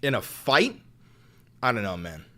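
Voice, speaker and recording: A man with a New York accent rants at his live chat, swearing freely and sneering sarcastically. His voice is bright and forceful, pushed hard at the listener. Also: medium pitch, big pitch swings, measured pace. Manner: profane, ranting, sarcastic. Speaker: streamer.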